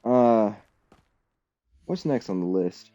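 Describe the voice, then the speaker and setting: A man's voice: on the low side, expressive, slow, dark tone, lo-fi sound, a little hiss or hum. Swearing, rambling streamer guy. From United States. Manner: loose, profane, rambling, laughs often. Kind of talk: casual live-stream chat while gaming.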